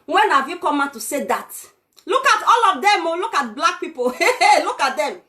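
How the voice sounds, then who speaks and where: Nigerian woman doing a stuck-up "lady of truth" type, high voice, mocking scornful rant. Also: sing-song, moderate pace, pushed and bright, full character voice. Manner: mocking, scornful ranting with laughs. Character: arrogant self-styled "lady of truth" woman, contemptuous. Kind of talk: comic impression skit.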